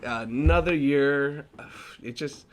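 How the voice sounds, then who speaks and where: A man's voice: mid-range voice, slow, slight background noise. A young man co-hosting a podcast in casual chat. He laughs often and rambles with lots of "like", then turns earnest. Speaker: podcast co-host.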